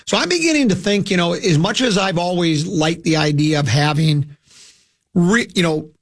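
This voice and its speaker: Gravelly high-voiced male radio host. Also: lively intonation, moderate pace. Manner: rambling, repeats words while thinking aloud. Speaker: radio sports talk host. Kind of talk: casual sports radio chat.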